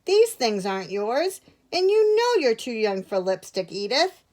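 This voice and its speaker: A woman's voice: on the high side, sing-song, measured pace, a little mellow, pitched above the performer's own voice. A woman voicing a stern grown-up male teddy bear in a storybook reading. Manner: stern, firm.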